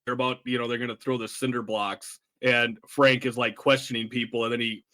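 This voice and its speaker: A man's voice: medium pitch, level tone, fairly quick, bright, forceful tone. A man hosting a podcast, chatting casually and enthusiastically about a comedy film and quoting its lines. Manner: enthusiastic, quotes movie lines. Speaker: podcast host. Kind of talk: casual chat.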